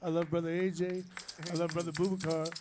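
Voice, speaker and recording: A man shares stories at a live music venue. He rambles warmly, with restarts and Southern slang. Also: on the high side, level tone, fast talker, noisy background. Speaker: band member. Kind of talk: heartfelt live storytelling.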